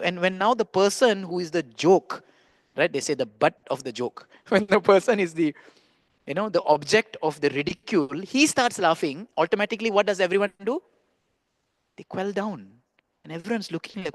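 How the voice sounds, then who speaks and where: Monk telling a story in class, kinda high voice, dry close sound, acts out the lines. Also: male voice, no room sound. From India. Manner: animated storyteller, acts out quoted dialogue, slows for emphasis. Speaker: monk giving a scripture class. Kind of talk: storytelling scripture lecture. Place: temple hall.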